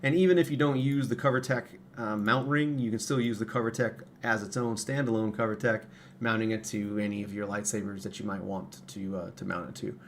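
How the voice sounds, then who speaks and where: A man with a fairly low voice hosts his own livestream from a home studio at a desk mic. He rambles casually, stopping and restarting sentences with plenty of uh and um. A faint hum of ambience sits behind him. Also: steady tone, a little fast. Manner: rambling, many fillers and restarts. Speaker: livestream host and parts maker.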